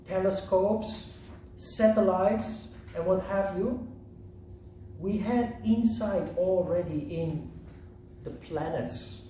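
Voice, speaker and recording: Guy teaching yoga, slow and thoughtful, higher voice, far off mic in a big echoey room. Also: warm tone, slight background noise. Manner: slow, measured, reflective. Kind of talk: lecture. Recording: roomy echo from a distant mic.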